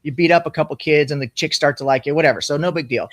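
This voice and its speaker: A man telling a personal story in casual, profane conversation, animated as he goes. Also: fairly high pitch, rapid-fire, no echo, studio quality.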